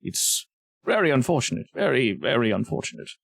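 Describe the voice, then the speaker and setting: A man's voice: medium pitch, sing-song, brisk, gravelly, fairly bright tone, no echo, clean studio sound, full character voice. A man voicing a fussy old man in a tabletop game, hesitant and stammering. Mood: fretful.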